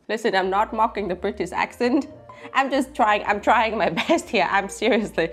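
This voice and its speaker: A woman's voice: mid-range voice, moderate pace, fairly bright tone, husky, faint music behind. A young woman, chatting casually and giggling as she tastes food for her vlog. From Vietnam. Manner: giggly, chatty, non-native phrasing. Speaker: vlogger.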